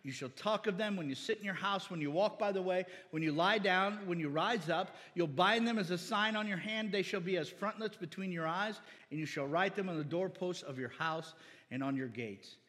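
A high, bright male voice preaches with fervor, calling out for amens and weaving scripture into his exhortation. The middle-aged pastor's words ring through a reverberant church hall. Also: moderate pace. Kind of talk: sermon.

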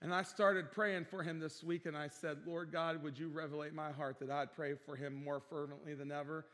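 A man's voice: fairly high pitch, little pitch movement, moderate pace, a bit bright. A male pastor preaching earnestly, repeating phrases for emphasis and calling out for amens. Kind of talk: sermon. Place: church sanctuary. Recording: long hall reverb in a church.

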